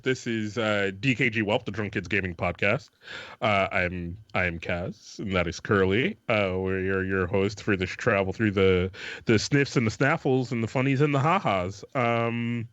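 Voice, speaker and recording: A man's voice: on the low side, normal speed, no room sound, dull audio. Swearing playful male podcast host. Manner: loud exclamations, swearing, playful. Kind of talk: casual chat.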